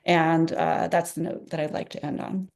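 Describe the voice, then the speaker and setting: A woman presenting at a celebration event, talking with animated enthusiasm and frequent "uh" and "um" fillers. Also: low-pitched, normal speed. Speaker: presenter at a public domain celebration. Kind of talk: presentation talk.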